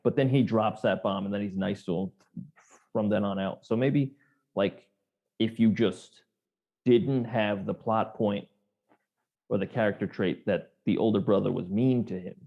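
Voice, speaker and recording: A man's voice: fairly low pitch, creaky, dark tone, dull audio. A man co-hosting a podcast in loose, rambling casual chat, swearing and acting out quotes. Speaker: podcast co-host.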